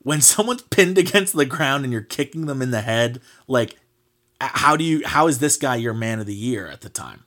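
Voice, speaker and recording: A man's voice: mid-range voice, lively intonation, moderate pace, fairly bright tone. Man ranting on a sports podcast. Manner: heated, mocking, swears freely, many fillers. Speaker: podcast host. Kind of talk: casual sports podcast rant.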